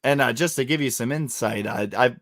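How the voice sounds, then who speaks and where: Animated swearing podcast host, dry mic. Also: male voice, medium pitch, brisk, no echo. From West Virginia, US. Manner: animated storyteller, swears freely, laughs often. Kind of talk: casual podcast chat.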